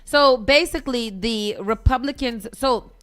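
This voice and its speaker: A woman co-hosting a morning radio show, telling stories with animated energy and acting out voices. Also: on the high side, a little slow. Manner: animated storyteller, acts out voices. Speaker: radio co-host. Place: radio studio.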